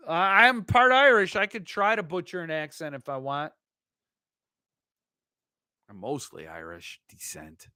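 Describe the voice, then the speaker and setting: A man's voice: high voice, big pitch swings, unhurried, bright, forceful tone, smooth, no room sound, studio quality. A man hosting a casual book live stream, joking and rambling in a self-mocking way.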